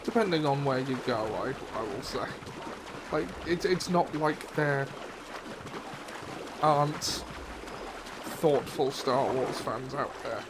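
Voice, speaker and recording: A man's voice: medium pitch, takes it slowly, pauses often, background noise. A man chatting casually on a gaming stream, laughing easily and swearing offhand. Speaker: streamer co-host.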